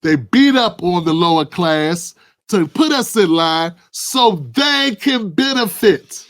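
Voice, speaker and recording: A man with a notably high-pitched voice delivers fiery political commentary. He preaches more than he chats, stacking rhetorical questions and calling out to a co-host by name. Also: lively intonation, takes it slowly, a bit bright.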